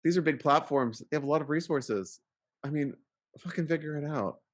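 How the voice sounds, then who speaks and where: A man's voice: a little high, normal speed. A man co-hosting a podcast in casual chat, rambling with lots of fillers and restarts. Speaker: podcast co-host.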